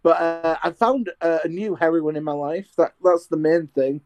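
A man's voice: fairly high pitch, normal speed, darkish tone, dull audio. A young man chatting casually over a video call from his half-decorated bedroom, rambling with restarts about training as a radio presenter. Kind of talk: casual chat. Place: home bedroom being decorated.

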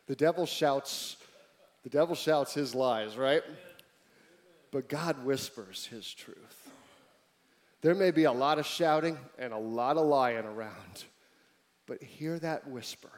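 A man preaching a sermon to a congregation, joking with the crowd at times and then dropping to a hushed, intimate tone. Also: mid-range voice, slow, long pauses. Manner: swings from loud emphatic preaching to hushed near-whisper; humorous asides to the congregation. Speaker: pastor.

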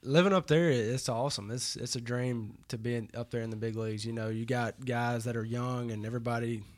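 A man's voice: mid-range voice, a little fast. Man telling stories with lots of fillers. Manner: animated anecdote-telling with many fillers and restarts. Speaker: guest, professional baseball player. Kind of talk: casual storytelling in an interview.

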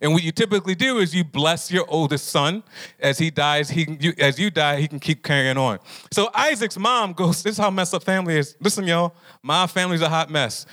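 A pastor preaching to a live group, talking easily and often turning to his listeners with questions. His voice sits somewhat high for a man. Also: fairly quick, fairly bright tone. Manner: conversational, asks the audience questions.

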